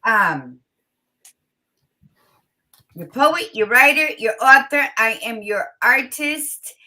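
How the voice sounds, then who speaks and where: A woman hosting a casual talk show, blunt and expressive, with a tired morning voice, dropping in Spanish greetings. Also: a little high, slow. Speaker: podcast host. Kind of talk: casual chat.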